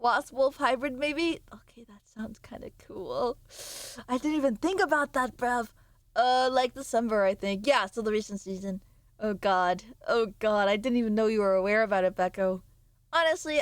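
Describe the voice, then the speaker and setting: Brief: young-sounding woman streamer, high-pitched, sleepy and rambly, dry close mic. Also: no echo. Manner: playful, rambling, sudden squeals and mock voices. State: sleepy, yawning. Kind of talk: casual chat with stream viewers.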